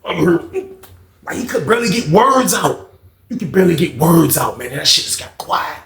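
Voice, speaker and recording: A man's voice: high voice, big pitch swings, normal speed, creaky, a bit bright, echoey room. A man casually telling a prison story with plenty of fillers and swearing. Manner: casual, profane, lots of fillers.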